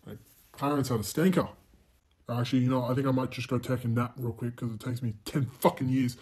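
A young man commentating his own racing game playthrough, swearing constantly, mocking himself and bursting into loud exclamations. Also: mid-range voice, fairly even intonation, brisk, husky. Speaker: gaming channel host.

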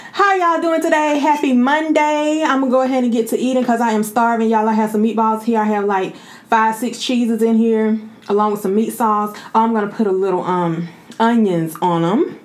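A woman's voice: on the high side, fairly even intonation, a little fast, darkish tone. A woman hosting a mukbang video, chatting casually with viewers and calling them y'all. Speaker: mukbang host. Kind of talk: casual eating vlog chat.

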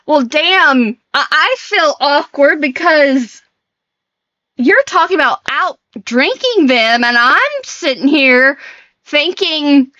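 Giggly woman streamer, casual stream chat, bright forward tone, fairly high voice. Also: big pitch swings, slow, no room sound, lo-fi sound. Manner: giggly, flustered, laughs often.

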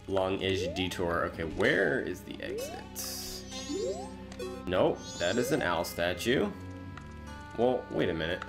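Guy rambling over his game, lively bouncy voice, teasing himself, music playing behind. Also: lowish voice. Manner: chatty, self-deprecating, thinks aloud while playing. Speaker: let's play host. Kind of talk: casual gameplay commentary.

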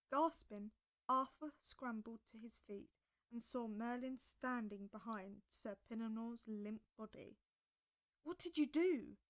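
A woman narrating a storybook aloud with expressive delivery. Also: on the high side.

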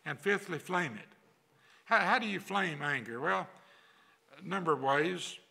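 A man's voice: fairly high pitch, expressive, unhurried, gravelly, pushed and bright, husky. An older man preaching a sermon as pastor, in a folksy, repetitive cadence. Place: church sanctuary.

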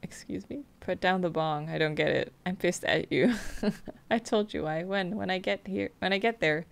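A woman playing a video game, reading the on-screen text messages aloud in a flat, quick way between casual comments. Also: fairly low pitch, creaky. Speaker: gameplay streamer. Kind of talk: casual let's-play commentary.

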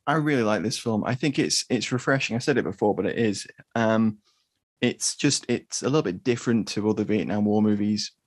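A man co-hosting a film podcast, talking through a war film in a measured, thoughtful way. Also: on the low side, breathy edge, no room sound. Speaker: podcast co-host. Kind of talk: casual film discussion.

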